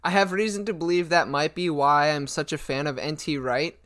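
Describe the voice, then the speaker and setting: A young man co-hosts a casual podcast, chatty and quick to laugh. His voice sits a little high. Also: steady tone, a bit bright. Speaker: podcast co-host. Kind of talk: casual chat.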